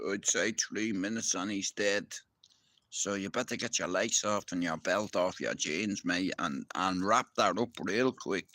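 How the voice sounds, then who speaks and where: A man's voice: lowish voice, bright, forceful tone, no room sound. A young Irish man ranting to his viewers in a heated, profane live-stream monologue. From Ireland.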